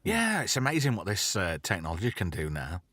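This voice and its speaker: A man's voice: deep voice, huge pitch swings, fairly quick, bright, forceful tone, no room sound, studio quality. A man hosting a casual online chat show, brash, sweary and mocking in manner. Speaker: radio presenter and stream host.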